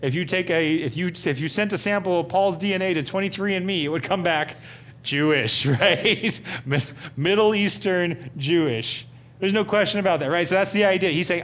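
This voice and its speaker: A man's voice: high-pitched, moderate pace, a bit bright, a little hiss or hum. A man leading an interactive Bible study lesson, talking conversationally and asking his group many questions.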